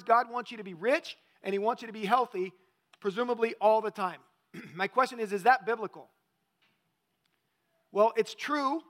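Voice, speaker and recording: A man's voice: high-pitched, a bit bright. A male pastor preaching a conversational sermon, often asking the congregation questions.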